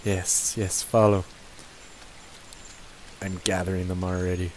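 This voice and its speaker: A man's voice: sits low, level tone, takes it slowly, a little mellow, a little hiss or hum, low-quality recording. A young man casually commentating his gameplay, cursing and joking at the characters on screen. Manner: profane, joking, talks to the game characters. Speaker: let's play gamer. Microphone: gaming headset.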